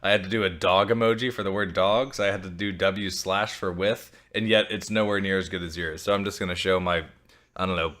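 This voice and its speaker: A man's voice: low-pitched, steady tone, a little fast, a bit bright. A man co-hosting a podcast from home, chatting casually with jokes, self-mockery and casual swearing. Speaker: podcast co-host. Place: home, dog on the couch beside him.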